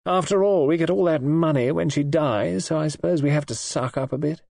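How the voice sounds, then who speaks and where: A man's voice: a little high, fairly quick, creaky, a little mellow, dry recording, clean studio sound, voice pushed up. A man reading an audiobook and voicing a petulant, spoiled young wife in a coaxing, sulky, lightly raised voice. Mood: resentful.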